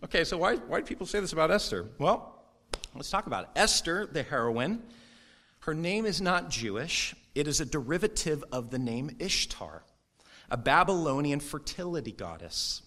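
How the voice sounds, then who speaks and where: A man preaching a sermon, animated and conversational, with quick asides and brief mock voices for quoted people. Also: a little high. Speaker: pastor.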